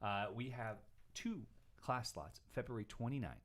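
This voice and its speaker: A man chats casually as the host of a question-and-answer show. His pitch is mid-range for a man. He tells stories with animation and jumps up high when he mimics other people. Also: animated, normal speed, a bit bright. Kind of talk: casual chat.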